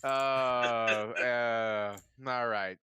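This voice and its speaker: A man's voice: mid-range voice, steady tone, extremely slow, noisy background. A man co-hosting a casual movie review podcast, joking, teasing and laughing often. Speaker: podcast co-host.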